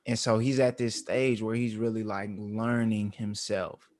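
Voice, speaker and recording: A man in his thirties co-hosts a podcast, sharing a heartfelt family story in slangy, emotional talk full of fillers. His voice is fairly low, flat, a little slow and a little mellow.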